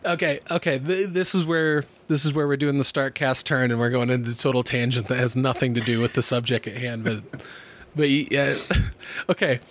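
A podcast host, a man in his thirties, tells stories casually and animatedly, laughing a lot and cursing freely. His voice sits in the middle range at a moderate pace.

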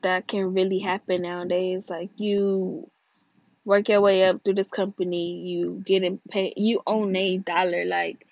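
A young woman from California hosting a casual gossip podcast on her own, rambling and cursing freely while high and sleepy, her voice swinging between loud bursts and low mumbles. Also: no echo. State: high and drowsy. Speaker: podcast host. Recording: dull dry lo-fi sound.

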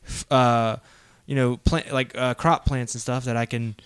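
This young podcast co-host talks in an unhurried, rambling way, with lots of filler words and restarts in casual chat. His medium-pitched voice is fairly bright, clear and resonant, with fairly even intonation and no echo.

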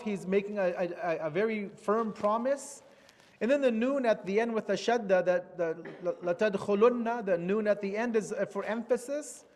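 A man's voice: sits high, long reverb tail. A man giving a religious lecture as an Islamic teacher, explaining patiently step by step and repeating key terms.

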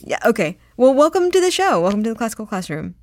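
A woman's voice: a little high, sing-song, fast talker, a little mellow, no room sound, studio quality. A woman hosting a radio interview, friendly and curious, with an easy laugh. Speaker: host.

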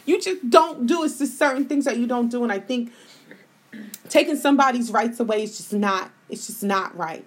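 A woman with a slightly husky, higher voice hosts a live podcast. She talks in a casual, heated and blunt way and swears freely. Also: normal speed. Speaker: podcast host.

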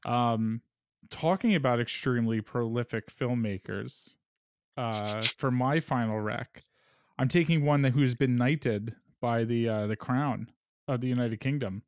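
A man co-hosting a casual podcast who talks in a low-key, wry way with many fillers. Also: a little slow, a little mellow, clean tone, no room sound. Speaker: podcast co-host. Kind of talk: casual chat.

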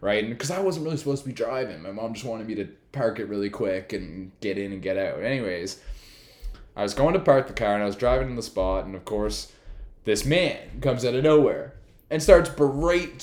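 A man's voice: mid-range voice, fairly quick, darkish tone, reverberant. A young man from New Brunswick telling a long casual story, rambling with lots of fillers. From New Brunswick, Canada.

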